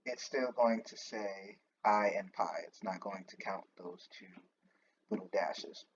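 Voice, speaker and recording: A man with a somewhat low voice talks through a screen-recorded demo of his student coding project, stopping often for fillers and restarts. The audio is muffled and lo-fi, with a clear steady noise and clicking behind him. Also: measured pace. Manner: hesitant, many fillers and restarts. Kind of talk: screen-recorded program walkthrough.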